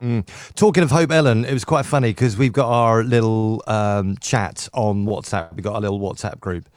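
A man's voice: fairly low pitch, moderate pace, no echo, studio quality. A man co-hosting a casual radio-station podcast, chatting and joking, often slipping into a put-on Irish voice. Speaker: podcast co-host. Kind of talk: casual chat.

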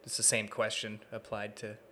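A man's voice: on the low side, monotone, moderate pace, sharp tone, a little hiss or hum. A man hosting an interview, asking questions in an easygoing, joking way. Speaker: podcast host.

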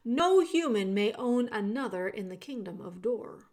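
A woman's voice: on the high side, expressive, unhurried, a little mellow. A woman reading as a blunt, dutiful soldier. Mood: matter-of-fact.

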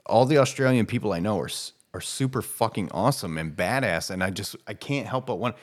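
A man's voice: lowish voice, lively intonation, fairly quick. A man co-hosting a podcast in casual chat, talking bluntly and profanely in a laid-back way. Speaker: podcast co-host.

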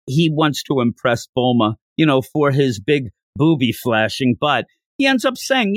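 A man hosting a podcast, recapping a manga chapter in a jokey, animated way. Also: mid-range voice, unhurried, no echo, studio quality. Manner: animated, jokey, laughs while retelling. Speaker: podcast host.

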